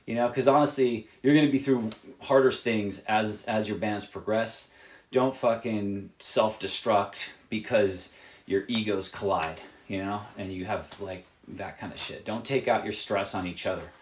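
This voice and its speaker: A man's voice: on the low side, steady tone, measured pace, echoey room. A man who plays in a rock band, giving other bands blunt, rambling advice full of swearing. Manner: profane, emphatic and rambling. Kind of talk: candid advice monologue.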